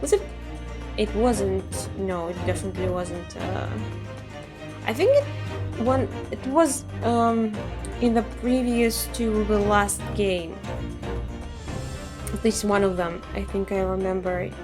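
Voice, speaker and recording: A woman streamer making casual, laughing asides while playing a game. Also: mid-range voice. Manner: slow, laughing, chatty asides. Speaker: let's play streamer. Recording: game music behind voice.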